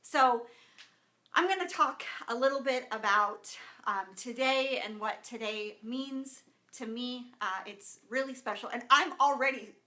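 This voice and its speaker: A chatty woman from Southern California, in her thirties, talks live to her viewers with a bright, sharp tone and a fairly high voice. She rambles warmly through fillers and greetings, and she stays openly emotional and close to tears. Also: a little slow. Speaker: live video host. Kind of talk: casual live-stream talk to viewers. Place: indoors at home with camera and lighting setup.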